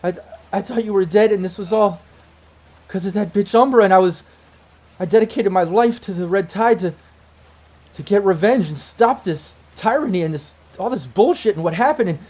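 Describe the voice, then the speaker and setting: A man's voice: high voice, normal speed, a little mellow, pitched above the performer's own voice. A man voicing a distraught, scarred woman rebel leader, crying and stammering in disbelief. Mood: sobbing disbelief.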